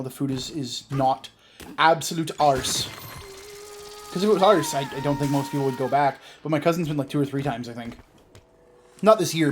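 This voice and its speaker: A man in his thirties from Canada, rambling and self-mocking as he tells a story while commentating a video game. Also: a little high. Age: 30s. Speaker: gaming video host. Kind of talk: casual gameplay commentary with storytelling.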